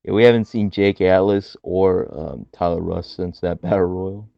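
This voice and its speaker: A man co-hosting a casual podcast chat, laughing often and swearing in animated bursts. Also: low-pitched, normal speed, gravelly, muffled recording. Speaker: podcast co-host.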